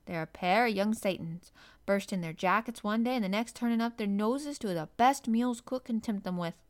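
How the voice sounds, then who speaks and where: An indignant, fussy middle-aged housekeeper, put on by a woman reader. She complains with loud, exasperated force. A storybook servant's voice. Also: mid-range voice, moderate pace, lightly acted.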